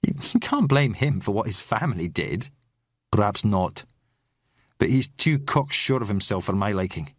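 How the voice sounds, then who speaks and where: A man narrating an audiobook and voicing a stern, disapproving retired police inspector in a lowered voice. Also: expressive, normal speed, dry recording, clean studio sound.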